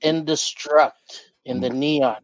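A man's voice: fairly high pitch, fairly even intonation, slow. A man co-hosting a casual podcast, rambling with lots of "like" and "you know". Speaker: podcast co-host. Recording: dull lo-fi mic.

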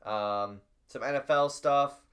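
A man's voice: mid-range voice, slow. A man co-hosting a casual sports podcast, rambling through stories with lots of fillers. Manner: rambling, filler-heavy, animated storytelling. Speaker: podcast co-host.

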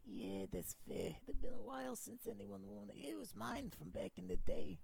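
A woman voicing an affectionate, worldly older woman who speaks in a folksy, doting way, with a husky, creaky voice. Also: medium pitch, wildly swooping pitch, moderate pace, a little mellow, full character voice. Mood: warm, doting. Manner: folksy, doting, calls others pet names. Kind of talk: tabletop role-play in character.

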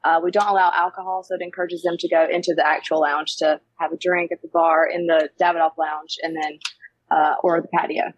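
A woman's voice: lowish voice, little pitch movement, a little fast, dry recording, highs cut off. Giggly Southern woman, very dry sound. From North Carolina. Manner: giggly, easygoing drawl. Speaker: podcast guest, lounge manager. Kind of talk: casual chat. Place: private cigar lounge room.

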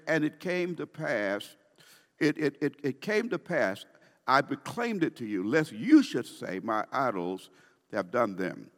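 Preaching man in a reverberant hall. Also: fairly bright tone. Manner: preaching cadence, climbing to high emphatic peaks; repeats and restarts words for emphasis. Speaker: pastor. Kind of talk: sermon.

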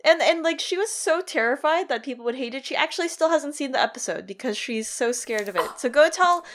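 A woman co-hosting a podcast, talking casually and thoughtfully about a TV episode with quick asides. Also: high voice, animated, fairly bright tone. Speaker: podcast co-host. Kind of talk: casual chat recapping a TV episode.

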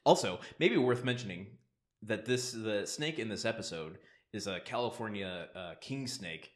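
Low-ish and lively in intonation, this man co-hosts a podcast at a normal speed, casually meandering through a story with frequent laughter. The sound is roomy.

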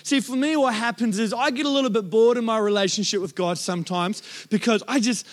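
A man's voice: high voice, fairly quick. A man preaching a sermon as pastor, telling stories in a casual, conversational way and acting out his own prayers.

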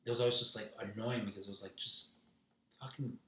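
A man's voice: on the low side, fairly even intonation, quick pace, sharp tone, a little hiss or hum. A young man telling a rambling, profane story in casual chat, heard from a distance in a room. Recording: roomy, distant mic.

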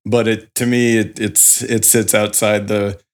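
A man's voice: lowish voice, level tone, a little slow. A man co-hosting a podcast, giving an emphatic opinion in casual chat. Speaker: podcast co-host.

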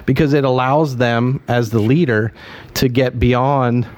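A man's voice: mid-range voice, fairly even intonation, unhurried, darkish tone. A man, a pastor, telling stories and making points emphatically in a casual podcast conversation.

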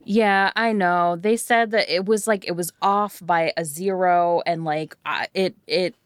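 A woman player speaking in character in a tabletop game, pitching a deal in a halting, rambling way full of fillers. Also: steady tone, clean tone, no room sound, clean studio sound. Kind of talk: in-character tabletop role-play.

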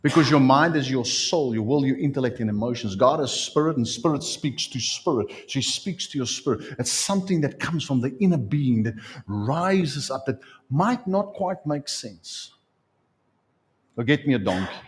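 A man preaching a sermon as pastor, in an animated, conversational way. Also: mid-range voice, moderate pace.

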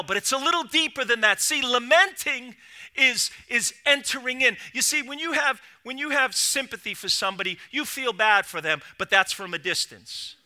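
A middle-aged man preaching a sermon as pastor, dropping to a hush and then rising to loud cries, with quick repeated restarts. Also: very high voice. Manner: swings from hushed to loud preaching.

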